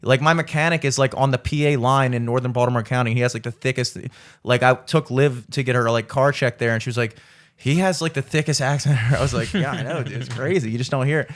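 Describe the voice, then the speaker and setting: A young adult man co-hosting a podcast tells a rambling travel story in casual chat, swearing freely and laughing often. His mid-range voice moves at a quick pace.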